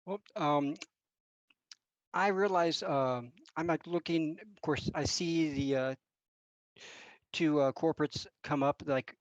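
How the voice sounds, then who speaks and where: A man playing in a tabletop game, talking haltingly with many pauses and ums. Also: a little high, dry recording. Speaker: player. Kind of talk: tabletop game role-play. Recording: dull, dry lo-fi mic.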